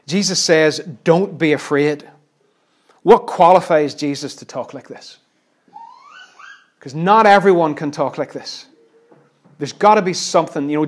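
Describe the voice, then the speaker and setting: A man preaching a sermon, earnest and questioning, often repeating his words for emphasis. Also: a little high. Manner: earnest, with rhetorical questions and repetitions.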